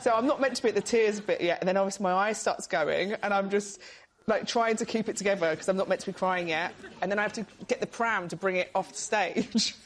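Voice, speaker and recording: A woman's voice: mid-range voice, quick pace. A young woman, a panel show guest, telling a funny story in a chatty, laughing way. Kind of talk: comic anecdote.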